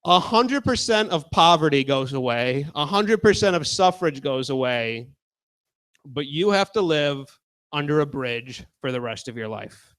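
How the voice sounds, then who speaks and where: A man. His voice sits high for a man, and his delivery is loose and crude. He keeps turning to the crowd to chat. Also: expressive, a little slow, a bit bright. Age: 20s. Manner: casual, crude, talks with the crowd. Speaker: stand-up comedian. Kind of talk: stand-up set.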